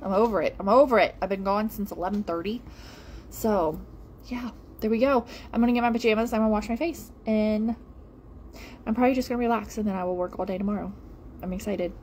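A woman chats casually with her viewers as a home-fragrance consultant. Her voice sits at a middle pitch, and she talks in an animated, rambling way, full of fillers and phrases said twice over. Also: brisk, a little hiss or hum. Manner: chatty and animated, rambling with many fillers and repeats. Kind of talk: casual live-stream chat to viewers.

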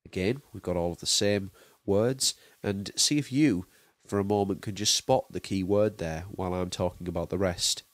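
Deep-voiced man teaching a lesson. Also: dry recording. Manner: measured, listing terms one by one. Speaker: drama teacher. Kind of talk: explanatory lesson.

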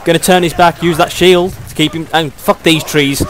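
A young British man doing excitable play-by-play commentary on a video game match, chuckling often. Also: fairly high pitch, a little slow.

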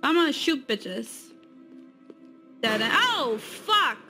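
Bright high-voiced gamer woman. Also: big pitch swings, slow pace, faint music behind. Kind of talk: live gameplay reaction.

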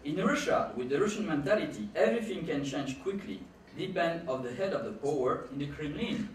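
A man's voice: on the high side, lively intonation, brisk, slight background noise. A man giving a conference lecture in English, emphatic, repeating his key words for stress with phrasing. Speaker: conference speaker. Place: conference hall. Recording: roomy hall, mic at a distance.

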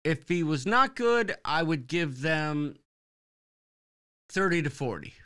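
A man tells a rambling story on a live show. His voice is bright, smooth and clear. He swings his pitch widely as he acts out what others said. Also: slow. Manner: rambling, animated storyteller who acts out quotes. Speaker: podcast co-host. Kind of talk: casual live-stream storytelling.

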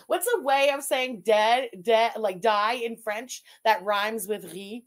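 A woman's voice: fairly high pitch, very animated, very slow, fairly bright tone. A woman hosting a livestream, reading chat messages aloud and mocking people with lots of swearing. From Quebec. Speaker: livestream host. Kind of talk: casual livestream commentary.

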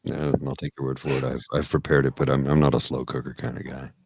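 Very deep-voiced joking man. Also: fast, vocal fry, slightly rough, no echo. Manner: joking, animated complaining. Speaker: podcast co-host. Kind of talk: casual chat. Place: home studio. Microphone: studio mic.

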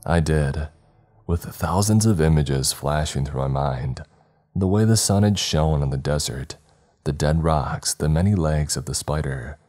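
Very deep-voiced male horror narrator. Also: darkish tone. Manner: slow, measured, dramatic reading. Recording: faint background music.

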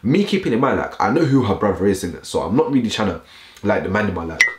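A young man rattling off a storytime vlog, packed with slang and asides to his viewers. His voice sits very low and he talks fast. The room around him gives it a clear echo. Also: big pitch swings, background noise. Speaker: vlogger. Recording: roomy echo.

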